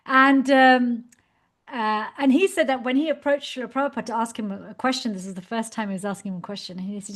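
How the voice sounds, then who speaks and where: A woman giving a devotional class over a video call, telling a story with animated, laughing delivery. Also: a little high, quick pace.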